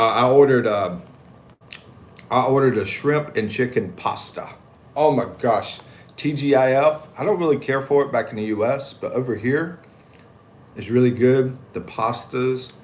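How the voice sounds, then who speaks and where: A man on a casual livestream, telling a story in a jokey, slangy way and reading viewer comments aloud. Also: mid-range voice. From United States. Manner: animated, slangy, jokey, reads chat aloud. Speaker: livestream vlogger. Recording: echoey room, faint background ambience.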